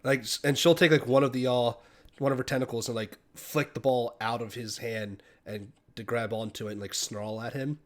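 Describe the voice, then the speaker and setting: A man running a tabletop game as game master, narrating scenes in a casual, loose way with frequent pauses to find words. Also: mid-range voice, steady tone. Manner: casual, many fillers and restarts while describing.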